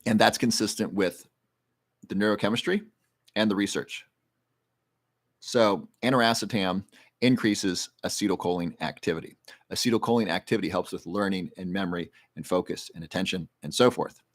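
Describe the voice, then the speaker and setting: A man with a fairly low voice hosts a casual livestream. He reads viewer questions aloud and answers them in a loose, rambling way, explaining health research in plain terms. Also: moderate pace.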